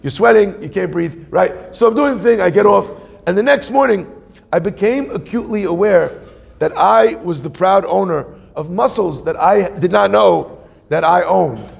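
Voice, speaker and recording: A man's voice: high voice, expressive, moderate pace, gravelly, slightly rough. A man in his forties, a rabbi, giving a joking, conversational sermon and asking the audience questions. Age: 40s. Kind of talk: humorous sermon. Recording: long hall reverb.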